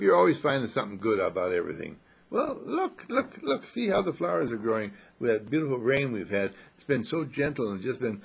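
Older man, gravelly, husky, lively pitch, folksy reflective talk. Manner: gentle, rambling, folksy, with chuckles. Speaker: inspirational speaker.

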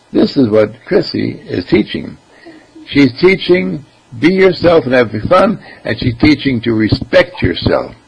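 A man's voice: mid-range voice, creaky, husky, rough recording. A man giving an informal spiritual talk as a teacher, with conversational asides and many rhetorical questions.

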